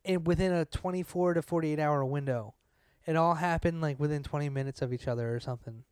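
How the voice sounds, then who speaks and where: A man's voice: on the high side, fairly quick, darkish tone, clear, resonant tone, no room sound, clean studio sound. A young man telling a ranting story in casual chat, exasperated and swearing, acting out what others said. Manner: exasperated, swearing, acts out quotes.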